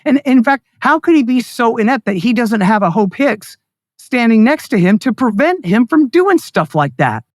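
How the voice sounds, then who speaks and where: In a studio-quality recording without echo, a man's very high-pitched, very animated voice, at a moderate pace, rants scornfully and sarcastically as a political interview guest. He heats up and mocks people by imitating them in put-on voices.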